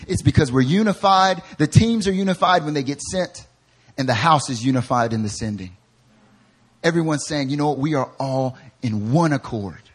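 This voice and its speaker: A man preaches a sermon in a slightly high, husky voice. He drifts between low, joking asides and quoted voices he plays for laughs, then climbs to loud, fervent shouting. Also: moderate pace. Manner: acts out quoted voices with humor. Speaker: pastor.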